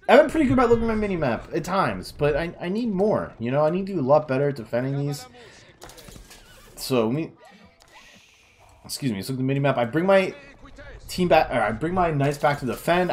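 A tired young man commenting on a replay of his own game, self-critical and groaning at his mistakes. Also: fairly high pitch. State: tired, yawning. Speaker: gaming video creator.

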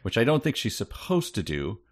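A man's voice: lowish voice, very animated, fairly quick. A man co-hosting a casual book podcast, reading passages aloud and poking fun at them with dry sarcasm. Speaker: podcast co-host. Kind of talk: casual book-review chat.

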